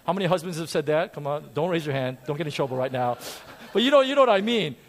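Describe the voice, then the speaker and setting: A man preaching a sermon in a church to a congregation, animated and self-deprecating, joking and repeating phrases for emphasis. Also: a little high, rapid-fire, few pauses. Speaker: pastor.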